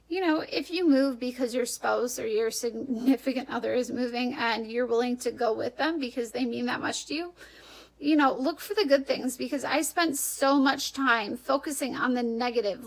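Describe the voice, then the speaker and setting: A young woman from Wisconsin talks through an advice vlog in a casual, rambling way, with a clear Upper Midwest American accent. Her voice sits high, with a lot of gravelly vocal fry. She laughs often and keeps catching and correcting herself. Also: rough recording. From Wisconsin, USA. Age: young adult. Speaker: vlogger.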